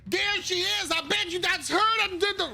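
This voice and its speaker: A blustering noble with a high, pinched, bright voice and a gravelly edge, shrill with indignation, as a dungeon master puts him on. He talks in circles and demands to be taken seriously in this tabletop game. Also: moderate pace, a little hiss or hum, heavily acted. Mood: accusing. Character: pompous, indignant male noble merchant.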